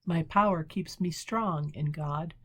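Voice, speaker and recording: Woman pastor, low voice, gentle devotional reading, slow reflective delivery. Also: breathy edge. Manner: gentle, unhurried, searching for words; reads a devotion slowly, then reflects on it. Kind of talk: short prayerful devotional talk.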